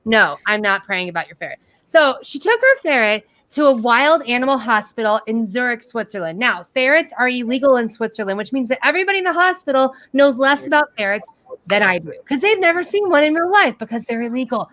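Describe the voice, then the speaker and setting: A middle-aged woman doing a sarcastic stand-up comedy set over a video call, with animated storytelling and mocking impressions. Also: fairly high pitch, brisk, no echo.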